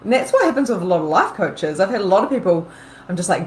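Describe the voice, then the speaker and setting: Woman podcast host and coach, animated, roomy sound, faint hiss. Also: mid-range voice, very fast. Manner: animated, acts out worried inner voices. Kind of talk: casual coaching monologue. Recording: roomy with faint background noise.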